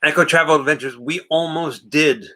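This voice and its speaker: A man with a bright, forward voice pitched a little high talks casually on a live stream. He co-hosts a late-night movie watch party, reading out viewer comments and answering them in a relaxed, easygoing way. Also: moderate pace.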